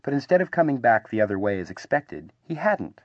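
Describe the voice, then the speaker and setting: A man reading a children's storybook aloud as narrator, in an animated, expressive way. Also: mid-range voice, fairly quick, no echo, highs cut off.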